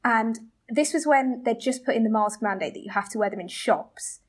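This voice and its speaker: Young woman, guest, animated and giggly, slightly high voice. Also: moderate pace. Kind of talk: casual chat.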